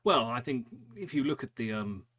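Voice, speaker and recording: A man narrating a tabletop game as game master, halting with frequent ums. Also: mid-range voice, lively intonation, a bit bright, slightly rough. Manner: hesitant, many ums and restarts.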